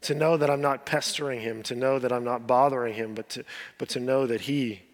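A man preaching a sermon as pastor, earnest and pleading, often dropping to a soft voice and repeating words as he builds. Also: medium pitch, fairly even intonation, brisk. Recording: long hall reverb.

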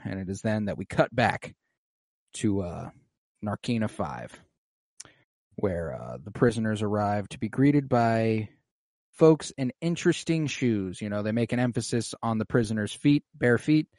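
A man's voice: fairly low pitch, darkish tone, no room sound. Casual guy hosting, loose rambly recap, dry close sound. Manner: loose, rambling, many fillers. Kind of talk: casual chat recapping an episode.

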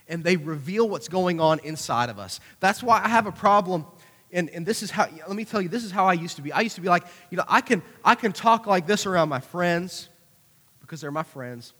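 A man preaching a conversational youth sermon, animated, with acted-out asides. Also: on the high side. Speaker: youth pastor. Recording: hall reverb.

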